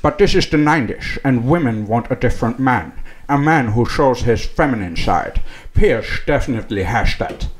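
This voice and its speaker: A man doing a deliberately shoddy, exaggerated impression of a gruff Scottish film star on a comedy podcast, dropping into a low growl. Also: animated, natural voice. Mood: mock-solemn.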